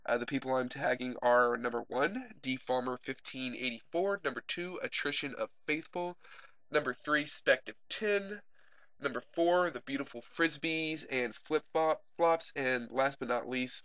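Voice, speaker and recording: A man's voice: medium pitch, bright, forceful tone, no echo. A young man from Oklahoma talking about his life in a casual, wry, candid monologue full of uh and um fillers. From Oklahoma Panhandle, USA. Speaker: video blogger.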